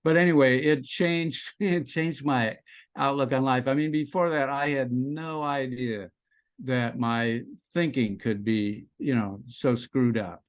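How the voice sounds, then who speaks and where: A man's voice: medium pitch, steady tone, no echo. Guest guy on a podcast, mid voice, lots of ums and you knows, dry close sound. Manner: halting, filler-heavy reflection. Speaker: interview guest. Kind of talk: casual interview chat.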